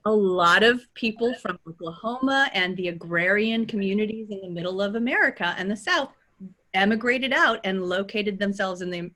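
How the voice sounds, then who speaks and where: A woman with a Californian accent, teaching as a dialect coach and demonstrating sounds in a lively way, often checking in with "right?". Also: medium pitch. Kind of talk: teaching pronunciation in a workshop.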